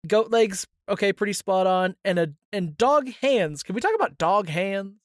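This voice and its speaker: A man co-hosting a podcast in casual, playful banter. His voice sounds dry and close, with little room sound. He jumps into jokes quickly and keeps the back-and-forth going. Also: high-pitched, expressive, no echo. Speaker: podcast co-host. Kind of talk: casual chat.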